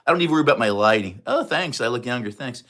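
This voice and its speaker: New york guy in his 60s doing a live stream, bright forceful voice, talks quick and chatty. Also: mid-range voice, animated. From New York area, USA. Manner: fast, chatty, reads out viewer comments. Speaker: livestream host. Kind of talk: casual livestream chat.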